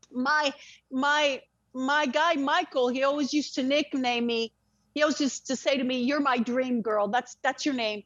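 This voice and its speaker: A woman, an interview guest, telling a very personal story in an animated way, swearing freely and often restarting her sentences. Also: high voice, no echo. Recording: dull lo-fi dry sound.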